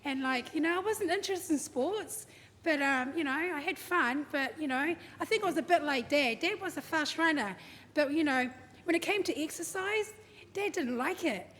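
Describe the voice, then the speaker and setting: In a church hall, a daughter gives a family tribute at a service, telling stories chattily with lots of ums and you-knows. Her high-pitched voice is animated and fairly bright, at a moderate pace. The hall is reverberant, with faint background noise.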